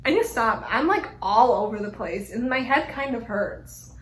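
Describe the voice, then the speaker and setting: A woman's voice: a little high, expressive, normal speed, slight background noise. A young woman talking to camera in a casual, rambling way, full of fillers and frank asides, with a slight echo from a small room. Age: young adult. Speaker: vlogger. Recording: echoey room.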